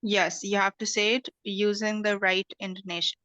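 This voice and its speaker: A woman's voice: medium pitch, flat delivery, moderate pace, sharp tone, no room sound, low-quality recording. A woman teaching an online English class, explaining patiently and checking in with "okay".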